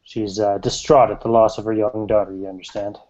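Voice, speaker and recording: Guy putting on a gruff old-west sheriff, loud and pushy, then smarmy, kinda muffled audio. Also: lowish voice, level tone, fairly quick, close to an everyday voice. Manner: blustering then falsely polite. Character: gruff dismissive small-town sheriff man. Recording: slightly muffled lo-fi recording.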